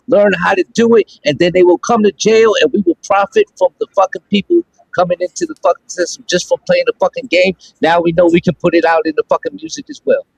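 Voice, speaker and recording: A man co-hosting a podcast in casual chat, talking in halting bursts and repeating words when heated. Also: high voice, gravelly, breathy edge, no echo, poor audio. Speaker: podcast co-host.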